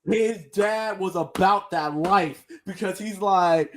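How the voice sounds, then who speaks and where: Animated, slangy young-sounding male podcast host. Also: slow pace, hardly any pauses. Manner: animated, slangy, acts out quotes with big pitch jumps. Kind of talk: casual show review chat.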